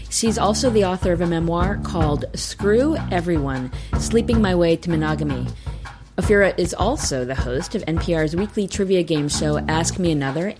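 Casting: woman host, lowish voice, scripted read, clear guitar music underneath. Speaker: podcast host. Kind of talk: scripted podcast outro.

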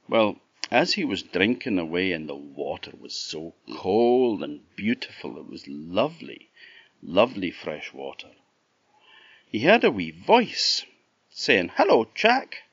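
Orkney scottish storyteller man, low voice, slow and sing-song, kinda dull dry audio. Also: slightly rough, no echo. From Orkney Islands. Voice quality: relaxed, lilting and expressive. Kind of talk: oral folk storytelling.

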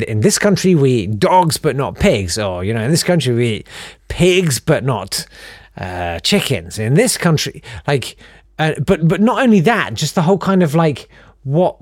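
Animated, chatty male podcast host. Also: medium pitch, dry recording, clean studio sound. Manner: chatty, self-deprecating, rambling asides. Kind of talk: casual chat reading listener emails.

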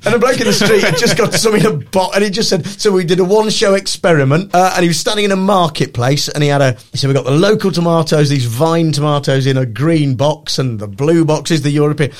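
A man's voice: on the high side, fast, hardly any pauses. A man co-hosting a casual comedy podcast, joking and acting out quotes with laughter. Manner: animated, laughs often, acts out quotes. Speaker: podcast co-host. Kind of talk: casual comedic chat, retelling a TV show.

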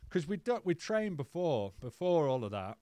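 A man's voice: a little high, sing-song, normal speed, mellow, dry recording. A man telling his own stories as a podcast guest, in a loose, rambling way, swearing freely and calling everyone "mate". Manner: peppers speech with "mate" and swearing. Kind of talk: candid casual storytelling.

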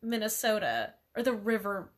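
A woman's voice: medium pitch, big pitch swings, moderate pace. A young woman chatting casually as a podcast co-host, ranting emphatically about pronunciation and laughing often. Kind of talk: casual chat.

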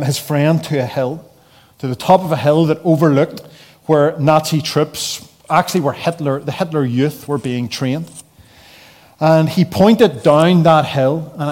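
A man with a fairly high voice delivers a sermon in an earnest tone. He reads scripture slowly, letting his phrases fall away softly, and later drives home short refrains with rising force. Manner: earnest, builds to repeated emphatic refrains. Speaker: keynote preacher.

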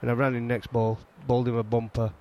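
A man's voice: mid-range voice, fast, highs cut off, slight background noise. Chatty Yorkshire man telling stories. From England. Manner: animated storytelling, frequent restarts. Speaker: guest, former fast bowler. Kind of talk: casual chat.

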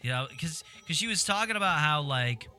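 A gamer in his thirties talks with a friend while playing, his somewhat high, sharp voice expressive and a little fast. He rambles through stories and keeps correcting himself in the casual chat over gameplay.

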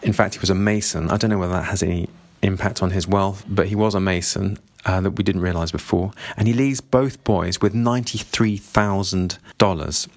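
A man discussing a novel and reading long passages from it aloud in a measured, reflective way. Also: sits low, fairly even intonation, a little mellow, dry recording. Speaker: book reviewer.

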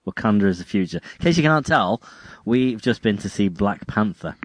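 A young man hosts a podcast, chatting casually and teasing his co-host dryly. His voice is fairly low. The sound is close and dry, recorded in a parked car. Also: expressive, normal speed, dry recording. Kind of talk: casual chat.

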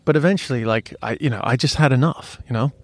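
A man chatting on a podcast, blunt and sweary, tripping over his words as he restarts sentences. His voice sits at an ordinary pitch, recorded close and dry with no room sound. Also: fast talker, dry recording. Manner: frank, sweary, many restarts. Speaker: podcast co-host. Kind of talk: casual chat.

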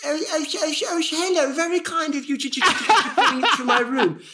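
A man's voice: moderate pace, heavy background noise. A man putting on the voice of a lonely, timid elderly man, fussy and quavering. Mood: flustered. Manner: quavering, fussy, high falsetto.

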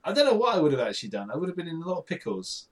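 Animated British man telling a story. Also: a little high, racing. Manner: animated storyteller, stumbling restarts, frequent laughter. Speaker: podcast co-host. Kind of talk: casual chat.

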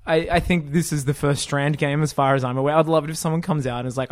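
A man co-hosting a casual games podcast, talking in an animated way, cutting in often and swearing casually. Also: a little high, fast talker. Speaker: podcast co-host. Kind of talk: casual chat.

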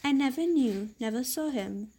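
A woman's voice: high voice, animated, normal speed, warm tone, husky, heavily acted. A woman voicing a frightened male merchant who pleads earnestly for his life, read aloud as a story. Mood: pleading.

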